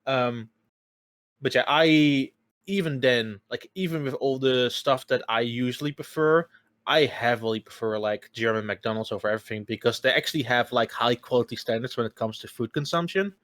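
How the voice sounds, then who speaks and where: A man from the Netherlands chatting casually on a podcast, animated and quick to laugh. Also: mid-range voice, no echo. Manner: animated storyteller, laughs often. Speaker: podcast guest. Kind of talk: casual chat.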